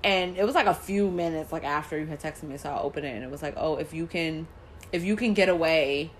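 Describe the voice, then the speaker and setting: A woman co-hosting a podcast, telling a story in casual chat, animated and swearing, acting out quoted lines. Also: low-pitched, fast, slight background noise. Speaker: podcast co-host.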